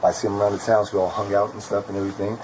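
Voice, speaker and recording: A man being questioned, giving a rapid, rambling account and repeating "bro" constantly. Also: fairly low pitch, flat delivery, noisy background. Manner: rapid, repetitive, keeps saying bro. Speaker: interrogated suspect.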